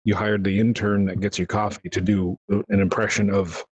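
A man hosting a casual gaming podcast, telling rambling, animated stories. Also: lowish voice, normal speed, slightly rough, dry recording, lo-fi sound. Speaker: podcast host.

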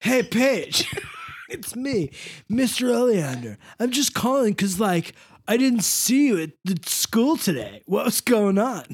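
A man's voice: high-pitched, sing-song, takes it slowly, pitched above the performer's own voice, exaggerated voice. A man voicing a laid-back surfer-bro male teacher with a drawling, goofy delivery.

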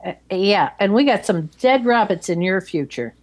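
Woman calmly summarizing a film plot. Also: medium pitch, moderate pace. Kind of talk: casual chat retelling a film.

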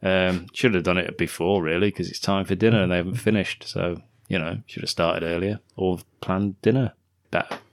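Male podcast co-host, low voice, dry close recording, sarcastic. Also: fairly even intonation, normal speed, dry recording. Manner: dry, sweary, sarcastic asides. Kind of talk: casual film review chat.

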